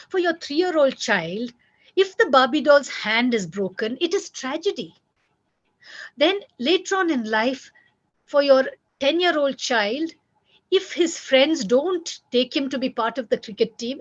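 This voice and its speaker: A woman giving parenting advice, emphatic and repetitive, acting out children's words as she teaches. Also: high voice. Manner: emphatic, repeats key points, acts out children's lines. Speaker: parenting coach. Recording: dull lo-fi recording.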